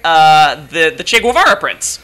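Bright-voiced woman, chatty panelist. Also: low-pitched, normal speed. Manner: chatty, animated storytelling with frequent fillers. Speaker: convention panelist and moderator. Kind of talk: casual panel discussion. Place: convention panel room.

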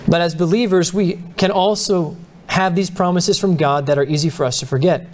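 A man's voice: high voice, normal speed, darkish tone, slight background noise. Earnest man preaching at Bible study. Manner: earnest, conversational preaching with acted-out quotes. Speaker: pastor. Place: church.

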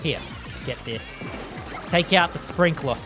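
A live game streamer giving excitable commentary while playing, laughing and taunting opponents and chatting with viewers. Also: medium pitch, slow. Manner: chats with viewers and thanks them. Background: game music.

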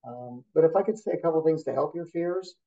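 A man's voice: on the high side, fairly quick, warm tone, lo-fi sound. A man, a therapist guest, talking bluntly and telling stories in a casual interview. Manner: blunt, storytelling, competitive.

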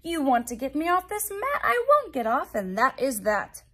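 A woman's voice: high-pitched, big pitch swings, normal speed, sharp tone, heavily acted. A woman voicing a smug, stubborn fat male cat in a read-aloud children's storybook. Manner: lazy, self-satisfied retorts.

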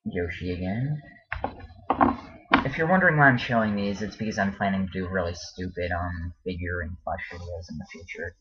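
A man talking casually in a home vlog, hesitant and halting, with many ums and restarts. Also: low voice, husky. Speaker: vlogger. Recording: dull lo-fi home video.

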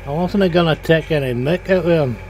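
A man's voice: a little high, a little fast, darkish tone, slight background noise. An older man, chatting casually and telling rambling stories while he streams a farming game.

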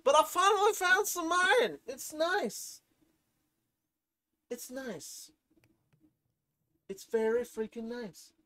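A woman giving casual gameplay commentary, rambling from low mumbles to excited shrieks and talking to the game's items. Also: takes it slowly, long pauses. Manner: talks to game items, swears casually. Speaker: gaming channel host.

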